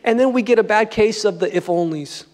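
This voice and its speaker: A man's voice: high-pitched, a little fast, darkish tone, long reverb tail. A man preaching a sermon as pastor, in a conversational, joking style. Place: church sanctuary.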